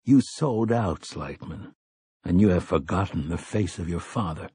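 A man voicing a cold, blunt gunslinger in an audiobook, speaking low, slow and quietly menacing. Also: breathy edge, no echo, studio quality, exaggerated voice. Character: stern weathered male gunslinger, cold and blunt.

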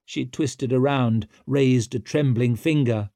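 A man narrating an audiobook in a measured, tense way. His voice is husky and mid-pitched, with a dry, close sound and no room around it. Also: expressive, darkish tone, dry recording.

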